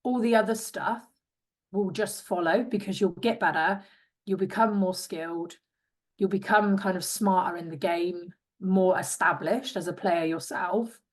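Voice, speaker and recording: A chatty young woman from England talks as a podcast guest in a lowish voice. She tells her story with lively bits of quoted dialogue, voicing the people she remembers. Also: a little slow. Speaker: guest, former rugby player. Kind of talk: casual interview chat.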